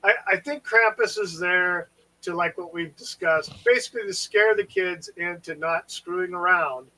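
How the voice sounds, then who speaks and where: Man in his 50s, co-host, blunt, swears, high pitch, bright tone. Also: low-quality recording. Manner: blunt, quick agreeing remarks, swears casually. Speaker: podcast co-host. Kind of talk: casual chat.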